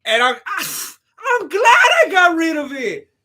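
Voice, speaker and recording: A man putting on a mocking impression of a champion fighter who claims he never cared about his title, loud and exaggerated. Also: very high-pitched, huge pitch swings, measured pace, pitched above the performer's own voice, exaggerated voice. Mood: mock-dismissive. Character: boastful male champion fighter acting nonchalant. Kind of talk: comic impression on a live stream.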